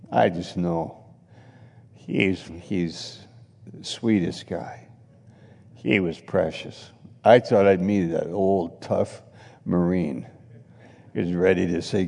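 A slow-talking preacher man with a gravelly, mellow voice tells stories from the pulpit, laughing and acting out quotes as he goes. His voice carries a long echo, as if he is in a big church hall. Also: low voice. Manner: chatty anecdotal preaching with laughs and acted quotes. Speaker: pastor. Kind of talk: sermon storytelling.

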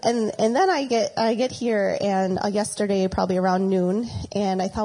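A woman's voice: medium pitch, steady tone, moderate pace, hardly any pauses, warm tone, low-quality recording. A middle-aged woman giving a chatty storytelling talk with a faith reflection, rambling and slipping into acted quotes.

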